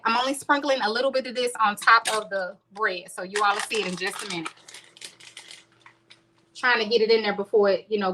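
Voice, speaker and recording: A woman's voice: mid-range voice, a bit bright, a little hiss or hum. A woman in her thirties hosting a casual live cooking stream from her home kitchen, chatting straight to her viewers. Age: 30s. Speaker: home cooking show host.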